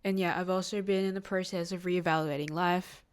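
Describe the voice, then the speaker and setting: A woman's voice: on the low side, steady tone, a little fast, smooth. A nineteen-year-old woman hosting a solo podcast, talking in a rambling, heartfelt way with lots of fillers and restarts. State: near tears at moments, emotional. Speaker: podcast host. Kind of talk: casual solo podcast monologue.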